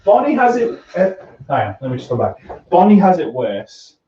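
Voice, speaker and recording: A man's voice: high voice, wildly swooping pitch, normal speed, highs cut off, slight background noise. Stammering Geordie man on a livestream. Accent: Northeast English, Newcastle. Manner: stammering, restarts a lot. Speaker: host. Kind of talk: casual livestream chat.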